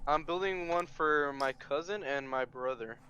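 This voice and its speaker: A man's voice: on the high side, moderate pace, bright, forceful tone, clear, resonant tone. A man chatting casually on a voice call, rambling with many fillers. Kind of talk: casual chat. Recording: dull voice call audio with faint noise.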